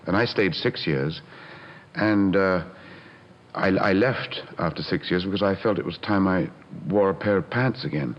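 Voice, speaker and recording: An older actor recalling his career in a halting, reflective way, with restarts. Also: sits low, muffled recording. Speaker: interviewee actor.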